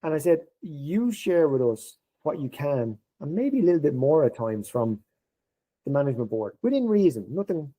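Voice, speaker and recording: A man's voice: on the high side, normal speed, low-quality recording. A middle-aged man, a podcast guest, telling workplace stories in casual conversation and acting out the dialogue in a lifted voice. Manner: animated, acts out quoted dialogue in a raised voice.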